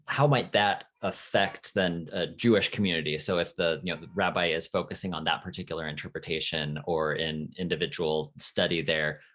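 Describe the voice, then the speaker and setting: A male interviewer with a notably low voice. He works through his thoughts slowly, pausing and restarting as he reflects aloud before putting his questions. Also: fairly even intonation, a bit bright. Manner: hesitant, many fillers and restarts, reflective.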